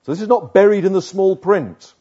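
A man preaching a sermon, slow and emphatic, with dramatic pauses between phrases. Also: sits high, warm tone, highs cut off.

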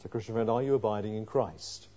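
A man preaching a sermon, emphatic, asking rhetorical questions and swinging between quiet and loud passages. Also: on the low side, quick pace, lo-fi sound.

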